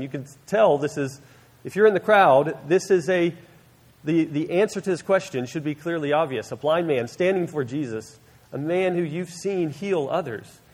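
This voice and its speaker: Husky-voiced man preaching in a reverberant hall. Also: on the high side, a little mellow. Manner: earnest storytelling, acts out the Bible scene. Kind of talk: sermon. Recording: long reverb of a large hall.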